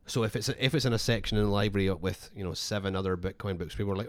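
Male co-host, low-pitched, chatty and rambling, dry close sound. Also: steady tone, fast talker, few pauses, no echo. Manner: rambling, with many fillers and restarts. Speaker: podcast co-host. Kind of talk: casual chat.

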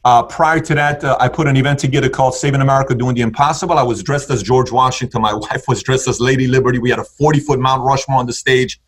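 Fast-talking husky man telling stories. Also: mid-range voice, fairly even intonation. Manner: emphatic, acts out dialogue in different tones. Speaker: podcast guest. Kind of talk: animated personal storytelling.

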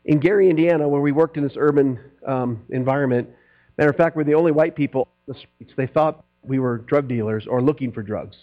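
A middle-aged man preaching a sermon, swinging between loud, animated preaching and quiet asides. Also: mid-range voice, a little fast. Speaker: pastor. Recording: dull lo-fi recording with mains hum.

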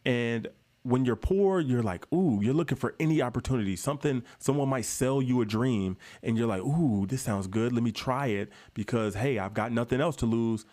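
A man talks straight to his viewers in a loose, chatty vlog. His voice sits at an ordinary middle pitch. He leans hard on his points and often says things twice. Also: moderate pace, warm tone. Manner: emphatic, chatty, keeps addressing viewers as guys; repeats himself for stress. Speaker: vlogger. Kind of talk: casual talk to camera.

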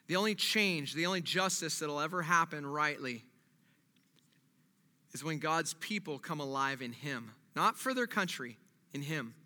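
High, bright-voiced preacher in a reverberant hall. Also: male voice, a little slow. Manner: swings from quiet reflection to loud animated preaching. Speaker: pastor. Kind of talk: sermon. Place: church. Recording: long reverb of a large hall.

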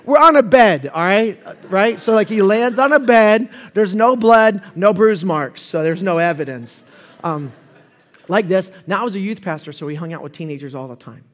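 A man preaching a sermon, telling stories with lively swings between loud outbursts and hushed, earnest stretches. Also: high-pitched, normal speed. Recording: long hall reverb.

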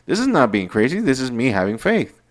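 A man hosting a podcast, delivering an unscripted, profane rant that swings between heated outbursts and low muttering. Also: very animated, a little fast. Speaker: podcast host. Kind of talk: unscripted ranting monologue.

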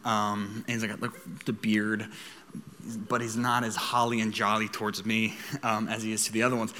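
Young guy pastor telling a funny story, super bright voice, echoey hall. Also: fairly low pitch, normal speed. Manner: animated storytelling, laughing as he goes. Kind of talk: sermon.

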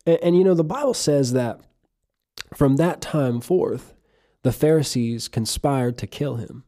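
With earnest emphasis, a male preacher moves between his own points and passages of scripture read aloud. His voice is mellow, dark and middle-pitched, expressive and a little slow.

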